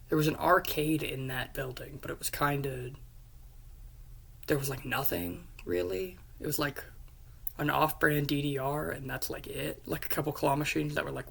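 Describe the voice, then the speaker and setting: A man's voice: on the high side, creaky, fairly bright tone, breathy edge. A young man telling a rambling casual story about a trip, with many fillers and restarts. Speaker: vlogger.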